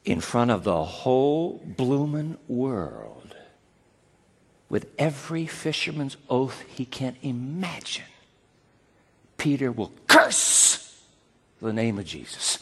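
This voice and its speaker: A man preaching a sermon as pastor, dramatic, acting out quoted voices and swinging between loud and soft. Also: medium pitch, sing-song, slow pace, breathy edge, long reverb tail.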